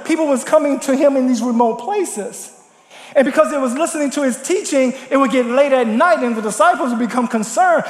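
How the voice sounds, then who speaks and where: Male preacher, very high voice, impassioned, moves from shouted appeals to near-whispered prayer; echoey church hall. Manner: impassioned, swings from loud to hushed prayer. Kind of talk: sermon.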